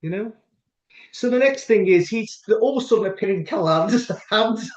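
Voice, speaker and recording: The recording has an echoey, dull lo-fi quality. In it, a middle-aged podcast host with a Scottish accent rambles through a long anecdote with many restarts, his high voice animated and moderately paced.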